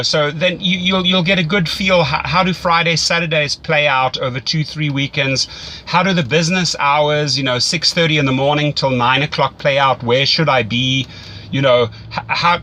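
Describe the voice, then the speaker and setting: A man with a South African accent talks through rideshare strategy with an eager, upbeat energy. His voice sits a little high and rings bright and forceful, and he often doubles words as he works out what to say. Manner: enthusiastic, repeats words while thinking. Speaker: rideshare mentor host. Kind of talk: casual mentoring call.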